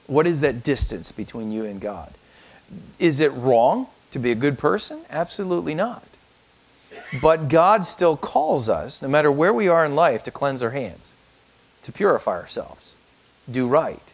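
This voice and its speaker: A man preaching a sermon and reading scripture aloud in an earnest manner, lifting his voice on the verses. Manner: earnest, lifts pitch when reading verses.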